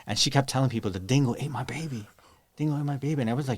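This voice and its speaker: A man's voice: mid-range voice, racing, a little hiss or hum. A man co-hosting a casual podcast, laid-back and blunt as he tells stories. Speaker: podcast co-host. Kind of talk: casual storytelling chat.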